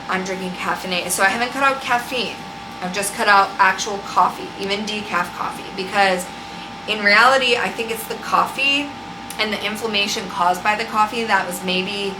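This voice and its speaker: A young woman vlogging at home in casual chat, frustrated and rambling, swearing freely. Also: mid-range voice. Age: young adult. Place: home room with a loud air conditioner. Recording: echoey room, faint hum.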